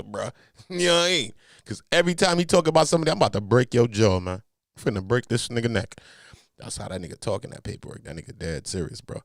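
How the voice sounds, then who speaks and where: A man with a Los Angeles accent talks in an animated, joking way, full of street slang. His voice sits in a middle range and drops low and serious when he explains something. The recording is close and dry. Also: fast talker, creaky, dry recording. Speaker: commentator. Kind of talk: casual commentary.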